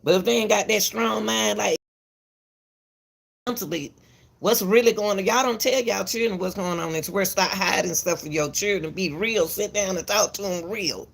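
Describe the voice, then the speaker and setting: Her voice is mid-range and creaky, at a normal speed. A commentary channel host, she gives casual, emphatic, repetitive commentary to the camera, lecturing parents and calling viewers "baby" while often stumbling and restarting.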